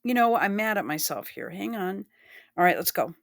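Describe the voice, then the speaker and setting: A woman's voice: medium pitch, sing-song, moderate pace, vocal fry. A woman giving blunt, profane and emotional commentary while reacting to news clips. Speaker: online commentator.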